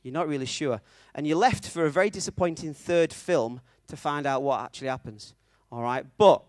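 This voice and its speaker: A man's voice: a little high, brisk, hardly any pauses, no echo. A man preaching a conversational sermon, telling a story and checking in with his audience, with a self-mocking manner.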